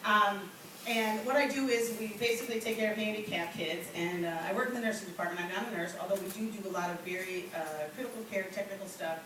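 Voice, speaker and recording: A middle-aged woman doing a stand-up comedy set with chatty storytelling and deadpan asides. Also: mid-range voice, fast, background noise. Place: comedy venue with live audience. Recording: echoey distant amateur room recording.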